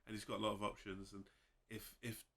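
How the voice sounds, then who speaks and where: A man's voice: on the low side, completely flat delivery, a little fast, creaky, sharp tone. A man co-hosting a laid-back, chatty discussion, with some hesitations and playful impressions. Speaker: podcast co-host. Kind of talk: casual chat.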